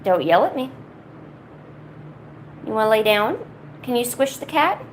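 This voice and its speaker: A woman streaming a painting session from home, chatting casually and rambling with lots of restarts, often cooing softly to her cat. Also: on the high side, big pitch swings, measured pace, slight background noise, poor audio. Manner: rambling, self-interrupting, soft baby talk to her cat. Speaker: art streamer. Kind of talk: casual chat while painting. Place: home, indoors.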